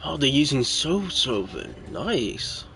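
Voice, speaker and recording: A man's voice: mid-range voice, sing-song, slow, vocal fry, a bit bright, slight background noise. A young man giving rambling, casual commentary over a card game as a streamer, stopping now and then to scold his cats. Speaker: gaming streamer.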